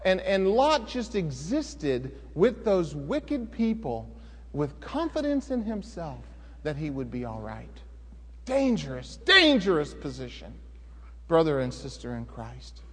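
Middle-aged male pastor, high-pitched, folksy storyteller in the pulpit, reverberant church hall. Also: very animated, takes it slowly, slightly rough. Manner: folksy, conversational storytelling with sudden emphatic rises. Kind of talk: sermon with personal storytelling.

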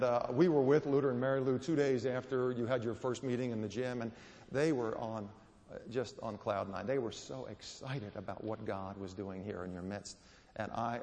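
A guest preacher with a lowish, slightly mellow voice delivers a sermon in a church or hall, telling stories and building up to emphatic peaks. A long reverb rings around his voice.

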